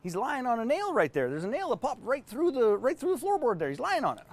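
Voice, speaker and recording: A man's voice: very high voice, wildly swooping pitch, fast talker, voice pushed up, heavily acted. A man doing an easygoing old Southern gent. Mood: matter-of-fact.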